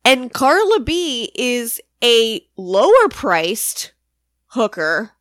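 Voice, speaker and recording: A woman's voice: a little high, big pitch swings, drawn-out words, a bit bright, dry recording. Chatty woman podcast co-host, dry sound. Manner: chatty, emphatic, swears casually. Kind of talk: casual chat recapping a sitcom episode.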